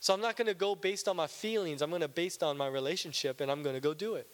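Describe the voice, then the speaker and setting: A man's voice: on the high side, quick pace, in a large hall. A male pastor preaching a conversational, joking sermon in a church, often checking in with "right?".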